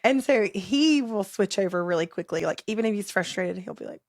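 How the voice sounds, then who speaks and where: A woman in her thirties co-hosting a casual faith podcast, candid and quick to laugh as she talks about parenting. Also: mid-range voice, expressive, darkish tone, no echo, clean studio sound. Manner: candid, laughs often, quotes herself talking to her kids. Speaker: podcast co-host.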